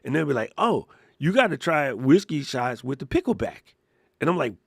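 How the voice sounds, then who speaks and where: A man's voice: a little high, a little fast, creaky, no room sound, clean studio sound. A man from Hawaii co-hosting a live podcast, telling casual stories and acting out the voices of people in them. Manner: animated storytelling, acts out voices in anecdotes. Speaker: podcast co-host.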